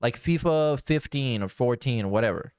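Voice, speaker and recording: A man hosting a podcast gives blunt, sarcastic commentary in a casual way. His voice is smooth and resonant, with lively swings in pitch. The sound is dry and close. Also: moderate pace, no echo, soft background music. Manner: blunt, sarcastic, restarts often. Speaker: podcast host. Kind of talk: casual commentary reacting to a clip.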